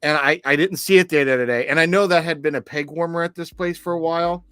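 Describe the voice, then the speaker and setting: A man's voice: fairly high pitch, fairly even intonation, fast talker, pushed and bright, smooth, no echo. A middle-aged man co-hosting a podcast, meandering through anecdotes and restarting his sentences. His voice sits mid-range and sounds dry and close. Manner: rambling, storytelling with restarts. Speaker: podcast co-host. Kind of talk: casual podcast chat.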